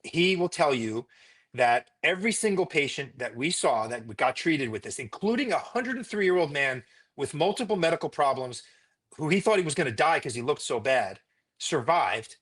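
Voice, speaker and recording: A man, a physician, telling stories in a conversational interview in an emphatic, animated way. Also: a little high, normal speed, husky. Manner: emphatic, animated retelling with repetition.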